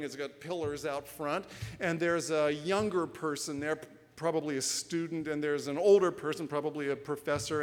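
A man preaching a sermon, explaining proverbs through a story, told deliberately with acted quotes. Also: fairly high pitch, fairly bright tone, big-room sound. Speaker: pastor.

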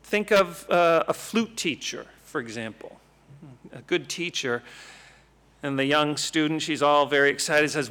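A man teaching from scripture in a lively, conversational way, often tossing out rhetorical questions. His voice is bright and forward, pitched a little above the usual man's. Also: a little slow, clear, resonant tone. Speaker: Bible teacher. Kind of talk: Bible teaching talk.

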